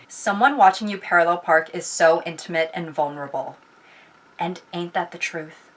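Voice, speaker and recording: A woman's voice: lowish voice, moderate pace, a bit bright. A young adult woman vlogger rambling casually to her viewers, chatty with giggly asides.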